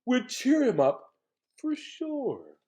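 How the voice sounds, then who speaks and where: A man voicing a boastful male lion in a storybook reading, speaking loudly and proudly. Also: very high voice, sing-song, slow pace, pitched above the performer's own voice, heavily acted. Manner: loud and proud.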